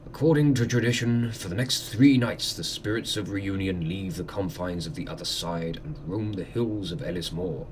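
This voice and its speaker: A man voicing a formal male lord of a manor, speaking slowly in a measured, courtly way. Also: fairly low pitch, slight background noise, voice pushed down, natural voice. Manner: slow, measured, courtly speech.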